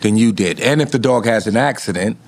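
A man as a podcast guest in casual chat, laid-back and profane, drawing out his thoughts slowly. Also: fairly low pitch, animated.

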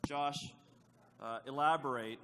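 A man's voice: medium pitch, measured pace, bright, forceful tone, slight background noise. A man giving closing remarks at a conference, hesitant and full of fillers. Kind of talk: closing announcements. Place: conference hall. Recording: long hall reverb.

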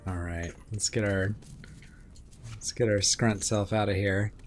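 A man giving casual, muttering commentary while playing a video game, swearing and talking to himself. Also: lowish voice. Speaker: gameplay commentator. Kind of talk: casual let's-play commentary.

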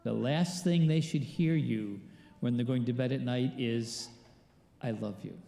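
A man's voice: medium pitch, measured pace, vocal fry, dark tone. A male pastor giving a conversational sermon, putting questions to his congregation. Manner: conversational preaching, quizzes the congregation. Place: large church. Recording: echoey church hall with long reverb.

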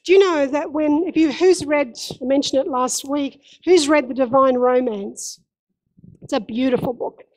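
Female pastor, high-pitched, impassioned church sermon delivery. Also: moderate pace, darkish tone, rough recording. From Australia. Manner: impassioned, emphatic repetition.

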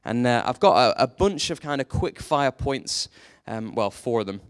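A man preaching a sermon, telling a story with lively energy and briefly acting out the characters in it. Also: mid-range voice, moderate pace, smooth. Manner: animated storytelling, acts out quoted characters.

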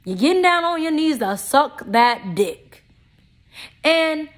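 Young woman with a high voice going off on a rant, swears a lot, gets loud then drops low. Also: very animated, takes it slowly. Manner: blunt, profane and confrontational; emphatic, swinging between loud outbursts and low asides. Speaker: vlogger. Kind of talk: unscripted ranting monologue.

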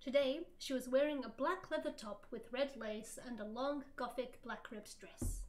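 A woman's voice: high voice, moderate pace. A woman co-hosting a livestream, reading fan fiction aloud in a giggly, theatrical way with amused comments. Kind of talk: comedic dramatic reading with banter.

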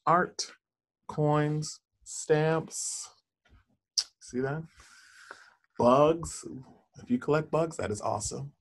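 A man reading a children's picture book aloud, stopping to ask questions, point out the pictures and savour single words. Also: medium pitch. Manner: warm, encouraging, asks listeners questions and points at pictures; lingers playfully on single words. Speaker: storybook reader for children.

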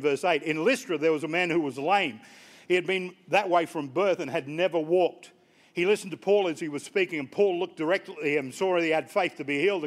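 Male pastor with a high voice, preaching with energy to his congregation. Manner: lively preaching, calling out congregation members by name. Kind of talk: sermon. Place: church sanctuary.

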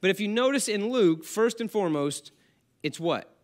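A man's voice: sits high, expressive, moderate pace. A man preaching a sermon as pastor, talking conversationally and asking the congregation questions.

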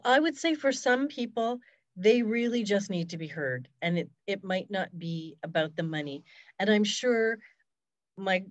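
A woman's voice: mid-range voice, darkish tone, dry recording. Woman fundraiser, reflective storyteller, muffled dry video-call sound. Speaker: hospice fundraiser, guest. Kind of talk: casual interview talk.

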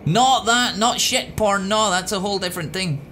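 A man giving profane, excitable, joking commentary while he plays a video game. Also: high voice, fairly quick, slight background noise. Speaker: let's play host.

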